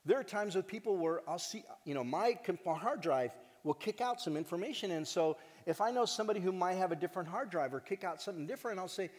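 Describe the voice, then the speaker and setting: A man giving a heartfelt conference talk as the organization's director, earnest and animated, joking with the audience now and then. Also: sits high, fast, hardly any pauses. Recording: long hall reverb.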